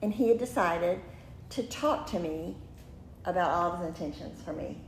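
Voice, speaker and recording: A woman in her fifties, a podcast host, telling a personal story in an animated way, laughing often and acting out what people said. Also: lowish voice, moderate pace, gravelly. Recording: roomy room with faint noise.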